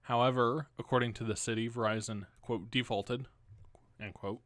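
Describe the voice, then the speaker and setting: A man's voice: mid-range voice, fairly even intonation, moderate pace, fairly bright tone, no echo. A young man hosting a podcast at home, reading news stories aloud and adding casual, rambling asides. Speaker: podcast host.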